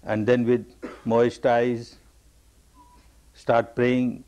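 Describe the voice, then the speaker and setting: A man's voice: medium pitch, animated, moderate pace, long pauses, a little mellow. Man giving an emphatic spiritual talk. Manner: emphatic, repeats key phrases; storytelling with acted quotes. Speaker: meditation teacher. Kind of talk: spiritual discourse.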